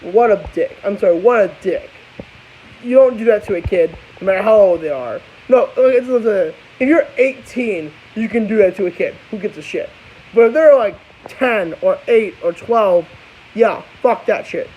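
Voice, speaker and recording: Tired young guy, high voice, rambling vlog review; dull, hissy audio. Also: lively intonation, moderate pace, mellow, breathy edge. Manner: rambling, profane, restarts a lot. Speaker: book and episode reviewer. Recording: dull hissy home recording.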